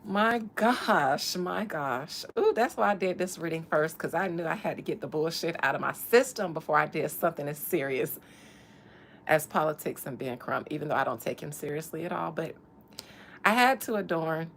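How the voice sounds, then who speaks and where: Animated, laughing woman podcaster. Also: low-pitched, moderate pace, creaky. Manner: animated, profane, laughs often. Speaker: podcast host. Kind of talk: casual comedic commentary.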